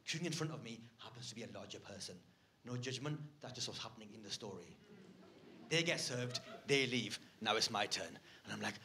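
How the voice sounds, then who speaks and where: A man performing live stand-up, swinging from muttered asides to loud rants. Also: lowish voice, brisk. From United Kingdom. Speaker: stand-up comedian. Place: theatre stage.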